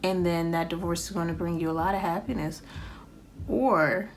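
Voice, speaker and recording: A woman with a fairly low voice talks through a tarot reading in a loose, rambling way, pausing often with ums as she thinks aloud. A faint hiss sits under the recording. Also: steady tone. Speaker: tarot reader.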